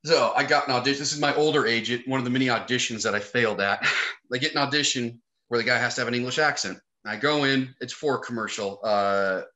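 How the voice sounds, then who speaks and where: A man's voice: medium pitch, fast. A man, a podcast guest who is an actor and comedian, telling funny stories in casual chat, swearing freely and acting out what people said. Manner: animated storyteller, swears freely, acts out quotes.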